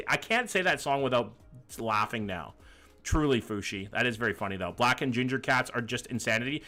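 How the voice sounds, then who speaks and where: Excitable swearing male streamer. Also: medium pitch. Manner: loose, swearing, excitable, jokey. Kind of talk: casual livestream chat. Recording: faint music in background.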